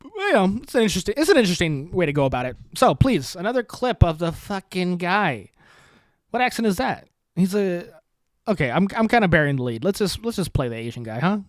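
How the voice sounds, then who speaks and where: A man's voice: sits high, sing-song, fast talker, no echo, studio quality. A man hosting a podcast, rambling with sarcasm, swearing freely and laughing at his own jokes. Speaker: podcast host. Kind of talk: casual profane commentary.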